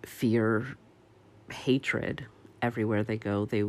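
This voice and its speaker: Man talking real slow, lots of ums and pauses, leans hard on key words. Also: fairly low pitch, steady tone, a little mellow. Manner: slow and halting, with many pauses and fillers; firm and emphatic on key words. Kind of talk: earnest opinion commentary.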